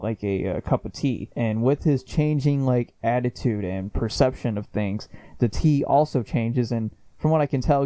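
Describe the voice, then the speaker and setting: A man's voice: medium pitch, warm tone, no room sound. A man reviewing an anime episode in a chatty, casual way, with lots of fillers, swearing and laughs.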